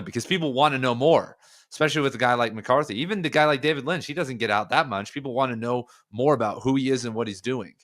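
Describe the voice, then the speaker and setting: A man's voice: mid-range voice, a bit bright. A man hosting a casual podcast conversation, musing aloud in long rambling stretches full of fillers. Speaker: podcast host.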